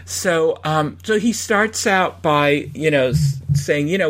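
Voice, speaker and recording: A man with a somewhat high voice recounts an event for his podcast audience. He rambles, restarts his sentences and chuckles along the way. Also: takes it slowly, few pauses, a bit bright. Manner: rambling, laughing, many restarts and fillers. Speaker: podcast host. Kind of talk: casual storytelling recap.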